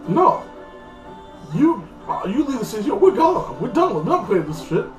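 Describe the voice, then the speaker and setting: A man voicing a panicked young male soldier deserting his post, his voice high and breaking into laughter. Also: big pitch swings, normal speed. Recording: echoey room, faint guitar music.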